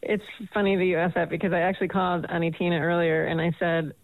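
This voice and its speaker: A woman's voice: on the low side, little pitch movement, fast talker, no echo. A middle-aged American woman from Boston, a guest chatting in a radio interview and laughing often. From United States (Boston). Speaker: guest, management professor. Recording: thin phone-line sound.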